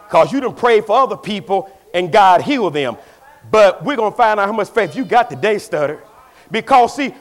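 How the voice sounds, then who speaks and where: Middle-aged preacher man, high voice, repeats stuff for emphasis, loud then hushed. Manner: emphatic preaching, swings between shouting and hushed storytelling; drives points home by repeating phrases. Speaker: pastor. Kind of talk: sermon.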